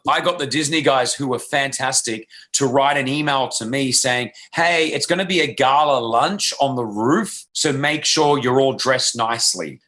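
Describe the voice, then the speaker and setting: A man's voice: mid-range voice, bright, forceful tone. A radio host in his thirties from Australia, telling a story as an interview guest and acting out the people he quotes.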